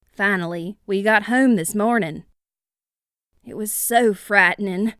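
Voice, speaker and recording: A woman's voice: medium pitch, unhurried, no room sound, studio quality, close to an everyday voice. A woman voicing a big, worried male beaver telling what happened. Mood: urgent. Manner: loud, urgent storytelling.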